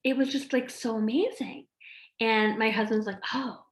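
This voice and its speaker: Woman, animated casual talk, acts out quotes, highish voice, echoey room. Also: moderate pace. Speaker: health coach. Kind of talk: casual chat to camera. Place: home room with a board behind her.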